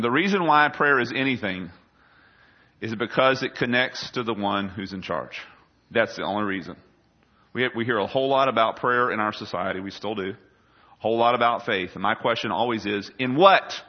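A man preaching a sermon as a pastor, swelling loud and high when quoting scripture and dropping low and quiet for asides. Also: fairly quick, lo-fi sound.

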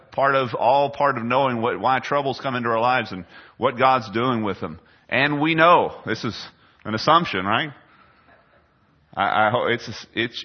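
A middle-aged man preaching a sermon in a conversational way, putting questions to the congregation. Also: mid-range voice. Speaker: pastor. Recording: dull lo-fi sound.

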